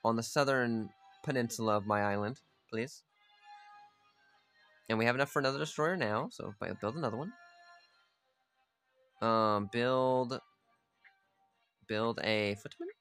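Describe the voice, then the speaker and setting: A man's voice: mid-range voice, measured pace, pauses often, fairly bright tone, smooth, faint music behind. Man chatting casually over gameplay. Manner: chatty, swears freely, talks to his units. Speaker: gamer playing a strategy game.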